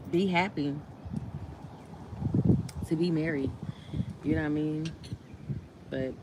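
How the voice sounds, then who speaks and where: Woman, casual vlog chat, laid-back, low-pitched, noisy background. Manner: chatty, laid-back, laughs often. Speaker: vlogger. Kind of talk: casual chat while eating.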